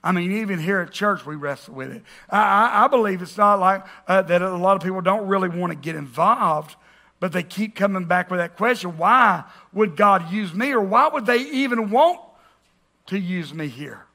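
High-voiced, gravelly male pastor. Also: moderate pace. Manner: animated and joking, bursts into shouts. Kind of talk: sermon.

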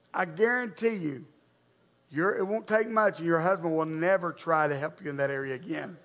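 A man's voice: a little high, moderate pace, a bit bright. A man preaching a sermon, speaking conversationally and addressing the congregation directly. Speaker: pastor.

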